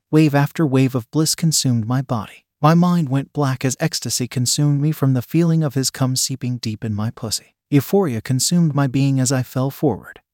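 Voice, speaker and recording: A man reads a story aloud in a steady, unhurried first-person narration. His voice sits at an ordinary middle pitch. It is recorded close to the mic and sounds dry, with no room echo. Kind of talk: reading an erotic story aloud.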